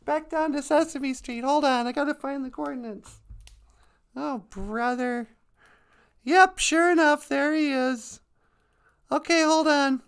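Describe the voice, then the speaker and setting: A woman's voice: high voice, a little slow, pauses often. Playful woman, off-mic. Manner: playful, mock-flustered.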